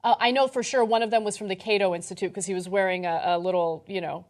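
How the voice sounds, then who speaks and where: Woman host on election night, candid, animated, telling a story. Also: mid-range voice, quick pace. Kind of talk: election night live coverage.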